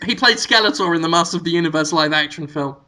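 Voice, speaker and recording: A man co-hosting a comedy podcast, spinning an absurd story with giggles and sudden shouted bits. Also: a little high, quick pace, poor audio. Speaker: podcast co-host.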